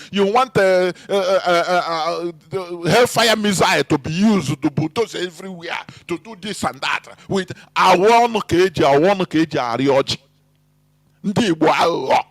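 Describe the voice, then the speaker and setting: Nigerian guy ranting about politics, high voice, dry close sound, keeps firing questions and stumbling over words. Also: fairly bright tone, dry recording. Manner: fiery, preachy, full of rhetorical questions; halting with restarts and repeated words. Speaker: activist commentator. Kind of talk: impassioned political monologue.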